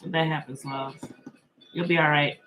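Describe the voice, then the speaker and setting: A woman's voice: deep voice, fairly even intonation, a little slow, a bit bright, faint music behind. A middle-aged woman hosting a casual live-stream tarot reading, chatty and reassuring, reading viewer comments aloud and laughing often.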